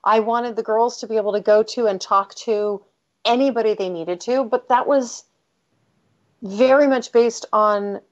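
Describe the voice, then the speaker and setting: At a measured pace and a slightly high pitch, a middle-aged American woman tells a personal story in an interview. She's an author and the guest, candid and emphatic, and she often breaks off sentences to start again. The audio sounds dull and lo-fi.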